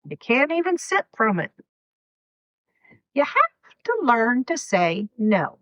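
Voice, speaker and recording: A woman's voice: a little high, very animated, slow, a bit bright, dry recording. A woman in her fifties with a Southern US accent, hosting a sarcastic comedic monologue and slipping into mock quotes as she tells her stories. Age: 50s. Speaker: podcast host.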